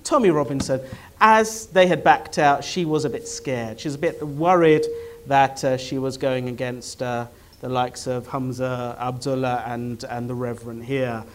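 A man's voice: medium pitch, fairly even intonation, unhurried, a little hiss or hum. A man chairing a live debate, introducing it with wry, teasing jokes and many hesitant fillers.

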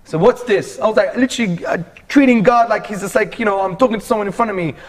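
A man from England telling the story of his conversion in a casual interview, earnest and animated, often calling the listener "bro". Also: high voice, fast talker, few pauses.

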